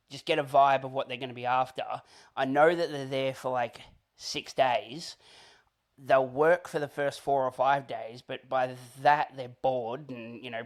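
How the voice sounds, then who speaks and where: An Australian man at an everyday middle pitch, telling a casual story in a relaxed interview. He rambles along with plenty of fillers and breaks into small laughs as he goes. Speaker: interview guest, comedian.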